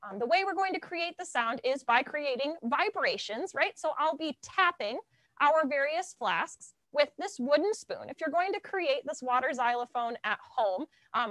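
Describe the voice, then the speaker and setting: A woman teaching a lively live science lesson for children, explaining and demonstrating to viewers at home. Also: no room sound. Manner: lively, animated teacher, demonstrates high and low voices. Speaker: science educator. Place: science center.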